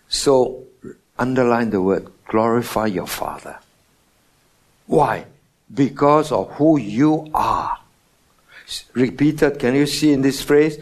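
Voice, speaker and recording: A man preaching a morning sermon, stressing words with sudden loud and soft swings and asking his listeners questions. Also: medium pitch. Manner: emphatic, rising and falling in loudness for stress; asks the congregation rhetorical questions.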